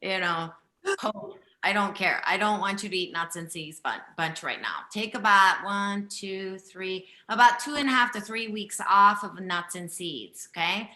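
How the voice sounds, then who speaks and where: Unhurried and forceful, her bright mid-range voice fills a roomy-sounding space as she hosts a live one-on-one health reading. The intuitive reader is a woman from Japan whose first language is Japanese, and she speaks with a slight accent. She is insistent and direct, repeatedly checking in with "okay?".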